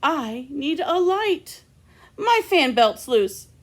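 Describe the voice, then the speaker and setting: A woman's voice: high-pitched, big pitch swings, slow, pitched above the performer's own voice, full character voice. A woman voicing a small, needy robot that complains plaintively at bedtime. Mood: whiny.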